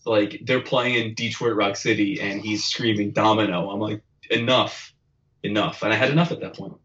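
A man hosting a casual podcast chat, telling a story with laughs and shouted impressions. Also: on the low side, steady tone, a little fast, highs cut off, a little hiss or hum. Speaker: podcast host.

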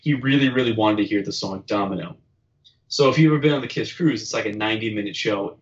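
A man hosting a casual podcast chat, telling a story with laughs and shouted impressions. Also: lowish voice, fast, dull audio. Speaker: podcast host.

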